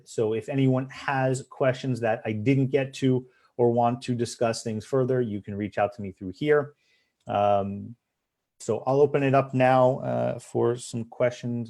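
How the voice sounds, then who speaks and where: Man, immigration attorney, webinar talk, explanatory, lots of ums and restarts, mid pitch. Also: fairly even intonation, a little slow, a little mellow. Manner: explanatory, many fillers and restarts. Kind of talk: webinar presentation.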